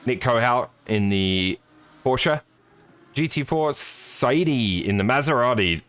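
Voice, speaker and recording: A man's voice: mid-range voice, animated, slow pace, fairly bright tone, clean tone, no echo. A man commentating live on a sim race, chatty and upbeat, greeting viewers by name.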